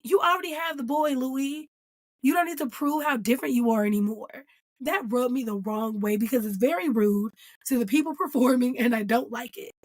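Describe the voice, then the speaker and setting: A woman with a slightly high voice recaps a TV episode in an animated, emphatic chat. She is recorded dry and close, with almost no room sound. Her tone is casual, as if talking to a friend. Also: fairly quick, dry recording. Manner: animated and emphatic, acting out characters' lines and calling them "girl". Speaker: host reviewing a TV episode.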